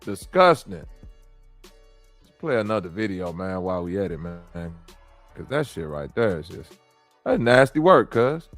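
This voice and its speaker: A man's voice: sits low, big pitch swings, a little slow, pauses often, faint music behind. A man from the American Midwest hosting a stream, reacting to clips and talking to his chat in blunt, profane slang. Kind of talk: casual commentary with chat.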